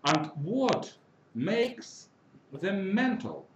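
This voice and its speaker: A man interviewing a philosopher, asking halting questions with many hesitations. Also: high-pitched, big pitch swings, a bit bright, muffled recording. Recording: echoey room, off-mic, faint hiss.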